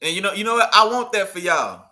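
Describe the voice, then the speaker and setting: A man hosting a casual sports livestream, talking in loose slang, riffing and answering his chat in an animated way. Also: high-pitched, quick pace. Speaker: livestream host.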